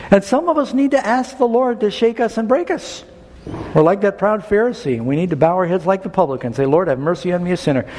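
A man's voice: fairly high pitch, a little mellow. A middle-aged man preaching a sermon, telling a story and then building to a rhythmic, preacherly appeal. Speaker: pastor. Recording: long reverb of a large hall.

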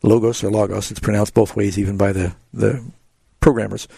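A man, a pastor hosting a call-in radio show, answering Bible questions in a relaxed, explanatory way. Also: on the low side, fairly quick, vocal fry, breathy edge, no room sound.

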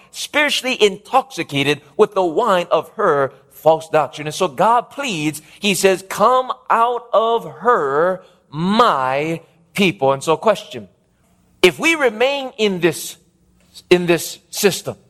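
A man with a notably high voice delivers an emphatic evangelistic sermon. He reads scripture aloud and keeps pausing to quiz the congregation. He drags out the words he wants to land. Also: fairly bright tone. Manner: emphatic, call-and-response questions to the congregation; slows down and stretches key phrases for emphasis. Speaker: preacher.

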